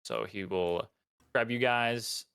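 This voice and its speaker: A man's voice: fairly low pitch, slow pace, fairly bright tone, smooth. A man narrating a tabletop game as dungeon master in a loose, rambling way. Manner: loose, full of fillers and restarts.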